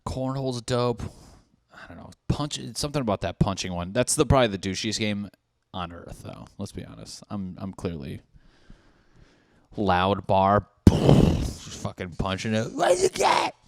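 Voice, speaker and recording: A man's voice: lowish voice, normal speed, no echo. A man in his thirties hosting a podcast as a casual, comedic solo monologue. He rambles and swears freely as he riffs on party scenarios. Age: 30s. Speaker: podcast host.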